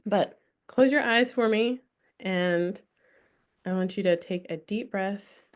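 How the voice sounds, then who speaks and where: Laughing, animated woman leading a workshop. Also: mid-range voice, takes it slowly, clean tone. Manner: animated, laughing often, swears casually. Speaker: spiritual workshop host. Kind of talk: casual live workshop talk with guided breathing.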